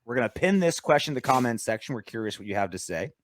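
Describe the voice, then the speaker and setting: A man's voice: mid-range voice, lively intonation, fast, slight background noise. A man co-hosting a sports podcast, talking in loose, joking, rambling banter. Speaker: podcast co-host. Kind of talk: casual sports chat.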